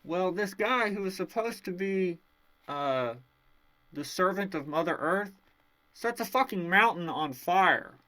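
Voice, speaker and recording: A man's voice: high voice, animated, a little slow, bright, forceful tone. A man giving a ranting book review, profane and sarcastic.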